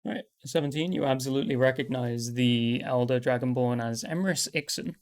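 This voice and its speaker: Running a tabletop session as game master, this man paints each scene casually, his speech peppered with fillers. He has a mid-range voice and keeps a moderate pace.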